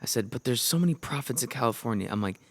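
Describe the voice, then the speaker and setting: A young man from Minnesota, a podcast guest, telling earnest, lively faith stories in casual chat and acting out the voices of the people in them. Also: mid-range voice, quick pace. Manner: lively, acts out voices in his anecdotes, earnest. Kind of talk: animated storytelling in casual chat.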